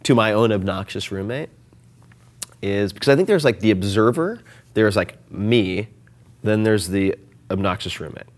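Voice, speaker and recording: Animated, restless man, somewhat low voice. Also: moderate pace. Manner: animated, self-deprecating, frequent fillers and restarts. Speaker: podcast guest. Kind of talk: casual conversational interview.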